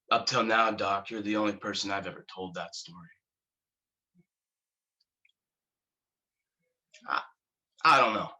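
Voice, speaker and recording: A man's voice: on the low side, pushed and bright, poor audio. A man playing a haunted war veteran. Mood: weary. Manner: halting, repeating words, slow telling. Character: haunted male war veteran recounting horror. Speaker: actor performing a monologue. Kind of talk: dramatic monologue.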